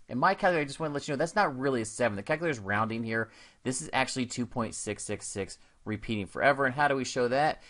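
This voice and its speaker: A man's voice: medium pitch, fast, fairly bright tone. A man teaching a recorded math lesson in an upbeat, casual and encouraging way, with slangy asides.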